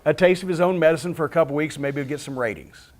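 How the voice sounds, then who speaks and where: Podcast guest: a man with a higher-pitched voice, emphatic and profane, ranting through his stories. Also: fast, noisy background. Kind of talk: storytelling podcast chat.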